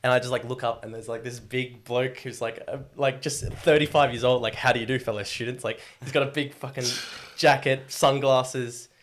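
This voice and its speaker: A man's voice: medium pitch, fairly even intonation, moderate pace. A young Australian man in his twenties, a guest telling his story in a rambling, casual way full of fillers and swearing.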